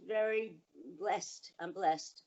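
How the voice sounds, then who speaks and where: An older woman, a voice actress, chatting as a guest and telling lively stories from her life. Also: mid-range voice, slow, highs cut off. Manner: animated storyteller. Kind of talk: casual interview chat.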